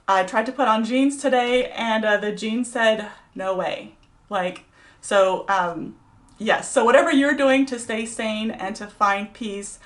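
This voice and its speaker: A woman's voice: medium pitch, a bit bright. A middle-aged woman giving a casual devotional talk to college students, chatty and encouraging, with many fillers. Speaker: college vespers speaker.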